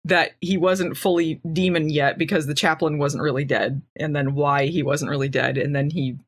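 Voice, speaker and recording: A woman's voice: low voice, fairly even intonation, moderate pace, breathy edge. A woman hosting a podcast, casually recapping a TV episode with jokes, acting out lines and laughing often. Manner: laughs often, jokey paraphrasing, acts out quotes. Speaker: podcast host.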